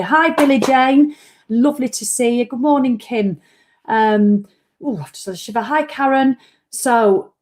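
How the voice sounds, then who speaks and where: Her voice sits in the mid range with a darkish tone. Worn out from a run, the woman runs a laid-back live-stream chat as its host, speaking bluntly, ranting and cursing without restraint.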